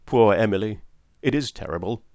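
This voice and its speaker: A man's voice: lowish voice, normal speed, a little mellow, no echo, clean studio sound, natural voice. A man playing an indignant, distressed husband. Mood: grieving. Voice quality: pleading and indignant.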